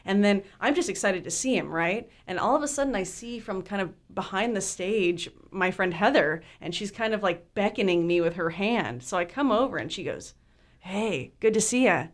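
Chatty woman telling a lively story. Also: medium pitch, moderate pace, few pauses. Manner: animated, laughing, acts out her teen self in squeals. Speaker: guest storyteller. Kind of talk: casual chat, telling a story.

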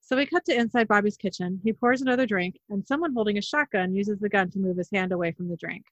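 A woman's voice: medium pitch, quick pace, no room sound. A woman hosting a casual recap, narrating scene by scene in a chatty way. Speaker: podcast host. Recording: dull dry lo-fi recording.

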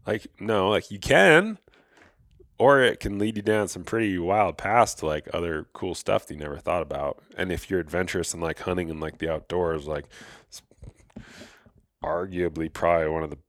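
A man's voice: sits low, normal speed, fairly bright tone, no echo, studio quality. A man co-hosting a podcast, chatting casually and loosely, with lots of filler words. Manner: laid-back, heavy use of "like". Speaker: podcast co-host.

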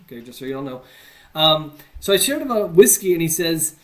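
A man's voice: fairly high pitch, sing-song, brisk, fairly bright tone. A man from the United States giving a conversational teaching talk, earnest with self-deprecating asides. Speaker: teacher on evangelism.

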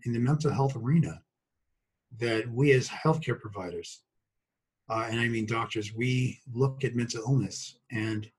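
Husky older man from Brooklyn, guest doctor, stop-start delivery full of jokes. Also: mid-range voice, rough recording. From Brooklyn, New York. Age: 60s. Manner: halting, many fillers and restarts, joking. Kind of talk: podcast interview.

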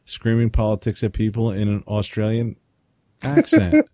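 Male podcast co-host, low dry voice, jokey and quick to laugh. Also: huge pitch swings, darkish tone, dry recording. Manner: joking, laughs often. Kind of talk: casual chat, reading listener comments.

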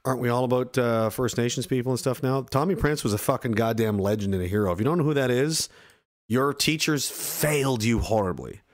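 Talking briskly at medium pitch, this thirty-something Canadian streamer addresses his live chat. A veteran of the craft, he's blunt, heated, and swears freely.

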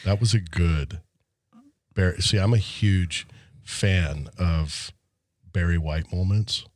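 A man's voice: low-pitched, slow, no room sound, clean studio sound. A man co-hosting a podcast, joking around in a playful, casual way. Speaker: podcast co-host. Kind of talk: casual chat.

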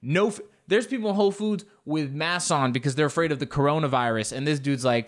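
A man telling a comic story in an animated, rambling way, swearing freely and exaggerating for laughs. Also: a little high, quick pace, hardly any pauses. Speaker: comedian.

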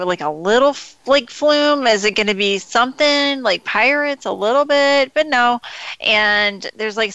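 A woman's voice: mid-range voice, sharp tone, dry recording, lo-fi sound. A middle-aged woman co-hosting a podcast, chatty and dramatic in casual talk. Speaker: podcast co-host. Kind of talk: casual chat.

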